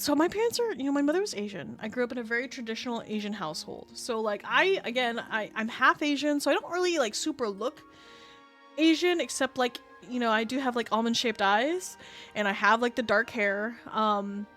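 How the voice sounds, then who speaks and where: Woman streamer, high bright voice, giggly and chatty, faint music underneath. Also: expressive, normal speed. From Canada. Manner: giggly, chatty, swears casually. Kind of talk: casual gaming stream chat.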